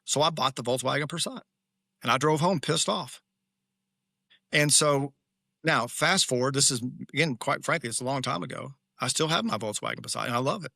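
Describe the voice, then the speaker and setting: A middle-aged man with a gravelly, forceful voice tells a candid personal story on a podcast. He speaks emphatically and restarts his sentences often. The sound is dry and close, with no room echo. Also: mid-range voice, fairly quick. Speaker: guest author.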